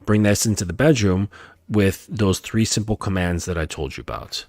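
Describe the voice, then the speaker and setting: A male dating coach giving a calm, emphatic coaching talk, repeating his points and often checking in with "okay?". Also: on the low side, normal speed, no room sound, studio quality. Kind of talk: lecture-style coaching talk.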